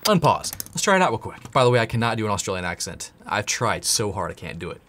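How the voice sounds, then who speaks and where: A man runs a casual coding lesson, swinging his pitch up and down as he jokes with the viewer. Typing clicks now and then behind him. A faint hiss sits under the voice. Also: sing-song, fast. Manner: playful, jokey, talks straight to the viewer. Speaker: tech course host. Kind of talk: energetic screen-share tutorial.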